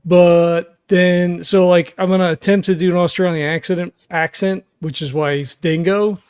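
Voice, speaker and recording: A man chatting casually as a tabletop game player, his voice sitting slightly high. He works ideas out aloud in halting, stop-start phrases. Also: little pitch movement, darkish tone, clear, resonant tone. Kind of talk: casual chat.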